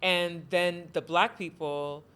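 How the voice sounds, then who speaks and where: A woman born in Ghana hosting an interview, talking in an animated, storytelling way. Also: on the low side, slow, a little hiss or hum. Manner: animated, storytelling, rising emphasis. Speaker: host. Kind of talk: casual interview chat.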